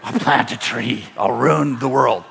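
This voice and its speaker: A sneering, gloating devil put on by a man who cackles in a deep, hushed growl. He sounds far lower and quieter than an everyday speaking voice, with a sly, mocking edge. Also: unhurried, vocal fry.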